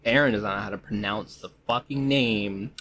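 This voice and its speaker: A man's voice: on the low side, normal speed, fairly bright tone, slight background noise. A man narrating a tabletop game as game master, casual and rambling. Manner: casual, rambling, laughs easily.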